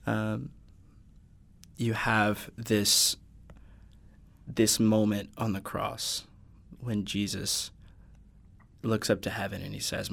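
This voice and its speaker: A man's voice: lowish voice, little pitch movement, slow, gravelly, long pauses, a bit bright. A man in a casual podcast conversation, earnestly quoting and unpacking scripture. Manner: earnest, quotes scripture at length. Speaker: podcast guest. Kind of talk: casual faith discussion.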